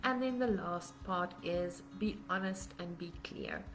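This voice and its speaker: A woman's voice: lowish voice, unhurried, music in the background, poor audio. A woman hosting a live parenting workshop, earnestly explaining numbered points in a live-streamed talk. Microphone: webcam or phone on a live stream.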